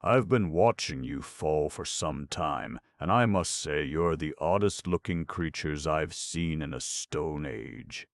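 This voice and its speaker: A man voicing an ancient male stone giant, blunt and curious, with a rasping, scratchy voice, in an audiobook. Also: rumbling low, dry recording, studio quality, heavily acted. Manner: frank and slow. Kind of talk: audiobook narration.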